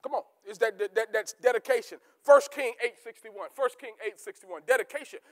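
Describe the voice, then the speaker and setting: A man preaching a sermon as pastor, repeating key words for emphasis and swinging between shouted peaks and low, quiet asides. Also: brisk. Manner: rising to shouts, then dropping to low asides.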